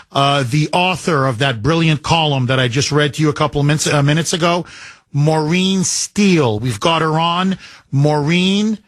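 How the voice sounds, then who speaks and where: A male talk radio host with a slightly high voice, speaking into a dry studio mic. He is emphatic and effusive, pressing his callers with questions. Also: fairly bright tone, dry recording. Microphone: studio microphone.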